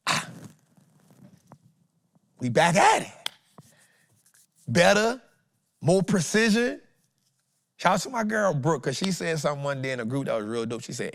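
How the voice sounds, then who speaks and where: Animated man hyping up traders. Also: on the high side, measured pace, creaky, long pauses, no echo. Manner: animated, preachy, swings loud and soft, acts out quotes. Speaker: host. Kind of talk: motivational stock trading talk.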